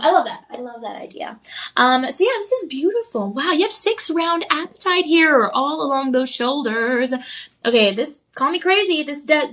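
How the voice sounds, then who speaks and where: Woman, TV shopping host; high, bright voice; gushing, chatty sales pitch with giggles. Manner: enthusiastic, gushing, frequent laughs and ums. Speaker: shopping channel jewelry host. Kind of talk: live on-air sales pitch. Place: TV studio.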